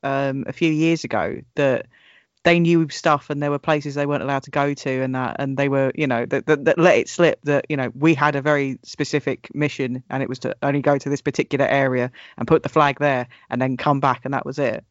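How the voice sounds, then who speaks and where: A man's voice: medium pitch, fairly even intonation, a little fast, no room sound, highs cut off. A man hosting a podcast in casual chat, talking loosely with restarts and frequent laughter. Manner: chatty, laughs often, restarts and trails off. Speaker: podcast host.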